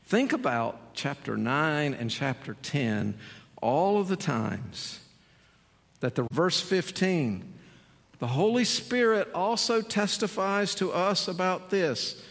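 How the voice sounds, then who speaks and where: A male pastor preaching with a gravelly, slightly creaky voice. He speaks earnestly and presses his points in emphatic, repeated appeals. His voice rings with a long reverb, as if it was recorded in a large hall. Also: on the high side, very animated, slow, a bit bright. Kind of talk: sermon.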